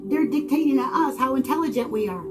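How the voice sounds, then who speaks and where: A woman giving a spiritual monologue, full of dramatic rhetorical questions and swinging between loud exclamations and hushed tones. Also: high voice, fast. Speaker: channel host. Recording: singing bowl music underneath. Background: singing bowl music.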